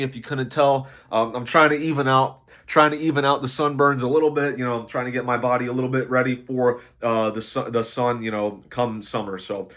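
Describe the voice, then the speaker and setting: A tired man records a casual diary vlog about his weight loss. He sounds drained from lack of sleep and rambles along with lots of fillers. His voice sits at an ordinary middle pitch. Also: a bit bright. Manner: low-energy, rambling with many fillers.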